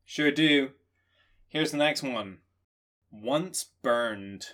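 A man co-hosting a comedy podcast, riffing in casual banter with deadpan sarcasm. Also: medium pitch, extremely slow. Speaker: podcast co-host.

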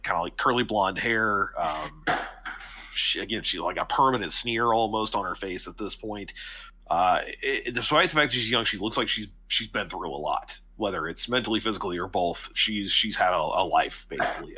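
Male game master, husky, bright tense tone, rambling narration. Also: lowish voice. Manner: rambling with many fillers.

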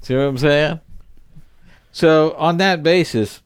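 A man's voice: on the high side, slow pace, smooth. A middle-aged man co-hosting a comedy podcast, riffing in a playful, boastful way. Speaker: podcast co-host. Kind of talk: casual comedy chat.

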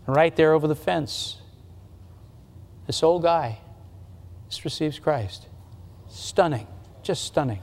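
A man with a high, light voice preaches a sermon, earnest and conversational, often stumbling and restarting as he goes. His words ring out with a long reverb through a church hall. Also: normal speed, long pauses. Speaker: pastor. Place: church sanctuary.

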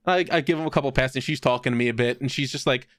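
A young man telling a long anecdote in a casual chat, swearing freely and getting animated when quoting people. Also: medium pitch, very fast, no room sound, studio quality.

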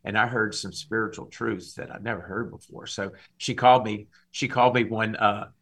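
A man from Louisiana, a singer and minister giving his testimony as a podcast guest, animated and acting out the dialogue. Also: fairly low pitch, normal speed. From Louisiana, USA. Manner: animated storyteller, acts out dialogue.

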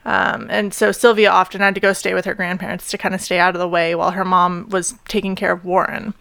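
A woman's voice: lowish voice, flat delivery, fast talker, vocal fry, fairly bright tone, clean tone, no echo. A young woman co-hosting a podcast, telling a story in casual chat, full of fillers and easy laughs. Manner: chatty, many "like" and "um" fillers, laughs easily. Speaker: podcast co-host.

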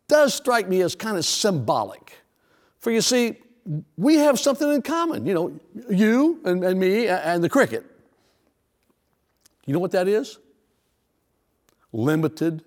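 A man preaching a sermon, telling a story with many rhetorical questions. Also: a little high. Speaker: pastor. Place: church auditorium.

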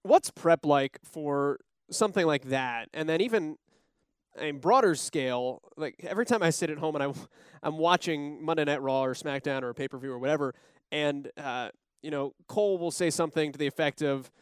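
A man's voice: fairly high pitch, moderate pace, smooth, dry recording, studio quality. A man hosting an interview, asking long, winding questions with many ums. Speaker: interview host.

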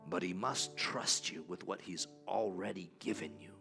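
A pastor preaching a sermon in a church, telling a personal story in an earnest way. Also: male voice, sits low, normal speed, gravelly, over music.

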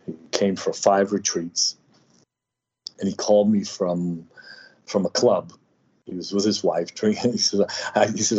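Low husky man telling his story. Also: steady tone, darkish tone. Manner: halting, with many fillers and restarts. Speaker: healer guest. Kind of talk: personal storytelling in conversation. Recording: slightly dull lo-fi audio.

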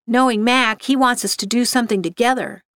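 A woman's voice: on the high side, brisk, a bit bright, dry recording, clean studio sound, lightly acted. A woman voicing Serge, a thoughtful male researcher who reasons things out tentatively. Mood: puzzled.

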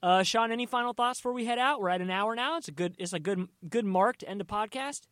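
A man's voice: high-pitched, quick pace, a bit bright, dry recording, clean studio sound. A man co-hosting a podcast in casual chat, blunt and emphatic, often repeating himself. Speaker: podcast co-host.

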